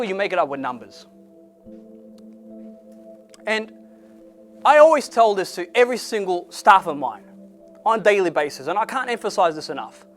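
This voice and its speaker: High-voiced man, animated storyteller. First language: not English. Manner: animated, swings loud and excited to low and quiet; blunt with occasional swearing. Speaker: motivational speaker. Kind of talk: motivational storytelling talk.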